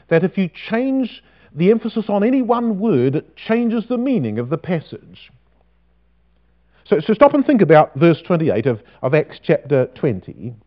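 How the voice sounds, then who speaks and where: A man preaching a sermon, reading scripture slowly with emphasis and asking rhetorical questions. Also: high-pitched. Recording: dull lo-fi recording.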